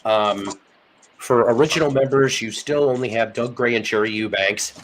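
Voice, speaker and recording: A man's voice: medium pitch, normal speed, noisy background. A man hosting a casual live show about vinyl records, talking in a chatty, rambling way. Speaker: host.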